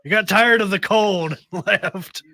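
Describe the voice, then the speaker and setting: Bright, high-voiced playful male co-host. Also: unhurried, no room sound. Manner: playful, teasing, sing-song. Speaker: radio co-host. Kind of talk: casual radio banter.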